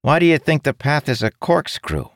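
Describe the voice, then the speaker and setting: A man's voice: fairly high pitch, sing-song, normal speed, no echo, studio quality, voice pushed up. A man voicing a wry, curious young male adventurer.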